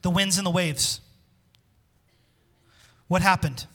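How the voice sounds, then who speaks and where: A man's voice: sits high, fairly even intonation, slow, pushed and bright. A male pastor preaching a sermon with emphatic delivery, putting questions to his congregation.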